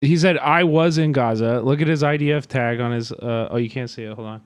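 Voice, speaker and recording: A man's voice: mid-range voice, brisk, no echo. A man streaming live, telling a story in an agitated, profane way that rambles with many fillers.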